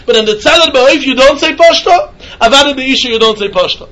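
Guy teaching talmud, real high voice, singsong yeshiva lecture vibe. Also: quick pace. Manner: animated singsong, mixing Yiddish and Hebrew terms.

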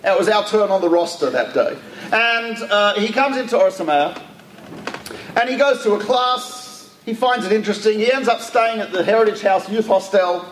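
A man's voice: high voice, normal speed. A man telling a story in a lecture, talking casually with asides and restarts. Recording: echoey room with faint ambient noise.

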